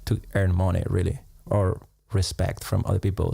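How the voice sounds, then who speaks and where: Low gravelly guy, slow musing meditation talk, little laughs. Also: little pitch movement, no echo. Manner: unhurried, musing, laughs softly between thoughts. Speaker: meditation teacher. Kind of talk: reflective live-stream talk.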